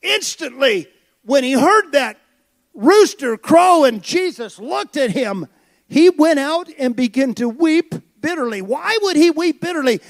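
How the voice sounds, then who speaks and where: A man preaching a sermon with passion, building to shouted high points. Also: gravelly. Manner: impassioned preaching that swells to shouts.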